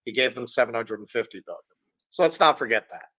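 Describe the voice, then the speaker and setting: A man's voice: medium pitch, lively intonation, fast talker, a bit bright, muffled recording. A man co-hosting a casual political chat, making wry, joking asides. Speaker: co-host.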